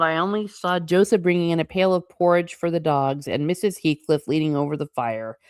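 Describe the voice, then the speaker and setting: A woman hosting a show, reading a classic novel aloud slowly and deliberately, then breaking off into chatty, amused asides. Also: deep voice, dry recording, clean studio sound. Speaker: host.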